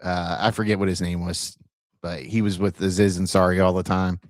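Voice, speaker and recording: A man from Ohio hosting a podcast, telling stories in a loose, animated way and acting out the dialogue, with casual swearing. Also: deep voice, fairly quick, no echo, clean studio sound. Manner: animated storyteller who acts out dialogue and swears freely. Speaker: podcast host.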